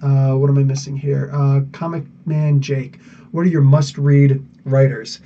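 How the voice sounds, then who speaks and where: Recorded from a distance with lo-fi sound, this male podcast host has a medium-pitched, steady, mellow voice and a measured pace. He answers live chat in a loose, casual stream, laughing frequently and filling his speech with fillers.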